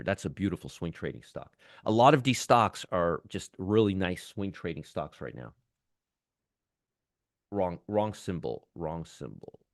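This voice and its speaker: Man, stock trading host, deep voice, casual enthusiastic market chat, repeats himself, dry close sound. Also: lively intonation, moderate pace, no echo. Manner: enthusiastic, repeats words, restarts often.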